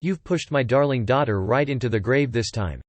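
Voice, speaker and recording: A man's voice: medium pitch, normal speed, no room sound, lightly acted. A man voicing an angry middle-aged father in an audiobook, chiding in a furious tone.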